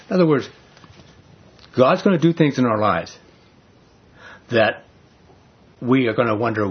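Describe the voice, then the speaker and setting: A man's voice: medium pitch, lively intonation, normal speed, pauses often, breathy edge, highs cut off. A man preaching a sermon, telling a personal story earnestly with frequent restarts.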